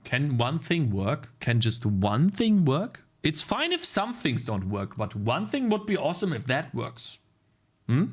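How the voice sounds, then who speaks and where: A young male streamer codes live and mutters at his bugs as he works. He talks slowly and answers his chat in a casual, frustrated way. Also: on the high side, very animated. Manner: frustrated muttering while debugging, talking to chat.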